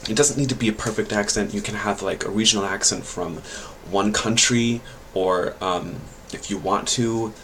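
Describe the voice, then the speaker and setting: A man's voice: fairly low pitch, fairly even intonation, normal speed, hardly any pauses, a bit bright, a little hiss or hum, poor audio. A man chatting casually on his vlog and giving language learning tips, rambling and hesitant with many fillers and restarts.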